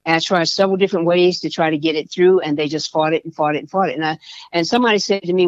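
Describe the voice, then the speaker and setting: In a podcast interview, a woman who is a veteran and state senator speaks very fast in a low, steady voice. She's passionate, repeating phrases to drive points home, and the recording is dull, dry and lo-fi.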